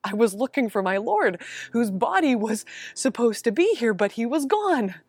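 A woman's voice: a little high, sing-song, moderate pace, darkish tone, husky, no echo, full character voice. A woman playing a grieving female follower, telling her story in an intense, emotional first-person monologue. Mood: sorrowful. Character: grieving woman follower, searching and then overjoyed.

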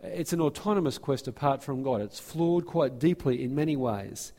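A man's voice: medium pitch, animated, normal speed, mellow. A man preaching a sermon and giving church announcements as pastor, speaking earnestly and often restarting his phrases. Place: church sanctuary. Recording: long hall reverb from a church.

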